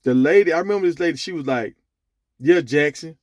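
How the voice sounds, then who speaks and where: A man giving a casual commentary rant, animated and profane, telling stories to make his point. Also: on the high side, very fast, dry recording, clean studio sound. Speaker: sports commentator.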